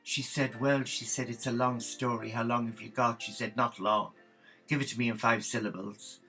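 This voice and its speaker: A gossipy Irish housekeeper turned nun, played by a man, prattling through a comic monologue. Her voice is gravelly and sits at a middling pitch, full of gasps and exclamations. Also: steady tone, normal speed, sharp tone, faint music behind. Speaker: comic storyteller.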